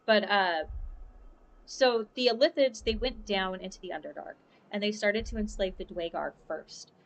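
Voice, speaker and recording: A woman's voice: medium pitch, normal speed, slight background noise, poor audio. Chatty woman commenting on a game. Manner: chatty, rambling, laughs easily. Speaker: let's play host. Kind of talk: casual gaming commentary. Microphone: voice-over over game footage.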